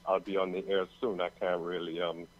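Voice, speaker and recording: Deep-voiced man calling in. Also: little pitch movement, a little fast. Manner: brief and friendly, hesitant. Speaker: caller. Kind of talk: casual radio chat. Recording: dull lo-fi line with faint noise.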